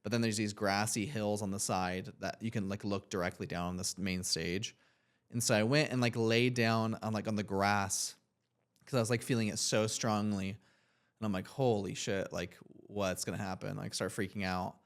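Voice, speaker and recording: A man's voice: lowish voice, steady tone, moderate pace. A young man co-hosts a casual podcast and tells a long personal story. He talks in an earnest, reflective, rambling way and leans on "like" as filler. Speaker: podcast co-host.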